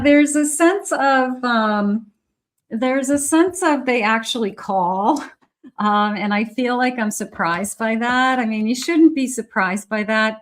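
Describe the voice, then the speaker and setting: A psychic tarot reader, a woman with a mid-range voice, gives a casual reading to camera. She muses aloud at an unhurried pace and speaks to spirit while pulling cards.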